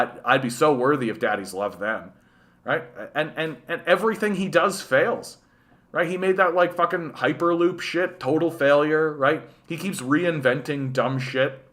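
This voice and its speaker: A man's voice: mid-range voice, bright, forceful tone. A young man from Canada hosting a political livestream, ranting with profane sarcasm and stumbling over repeated words when heated.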